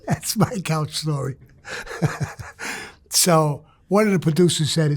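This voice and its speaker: A New man with a husky, breathy edge tells a crude joke story during an interview. He curses freely and swings from hushed asides to loud, animated bursts. His voice sits slightly high for a man. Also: a little slow, long pauses. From New York. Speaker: interview guest.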